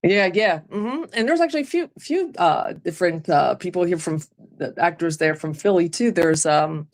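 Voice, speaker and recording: A woman's voice: lowish voice, expressive, moderate pace. Chatty woman. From Philadelphia area. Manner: chatty, laughs often, rambling. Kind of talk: casual chat.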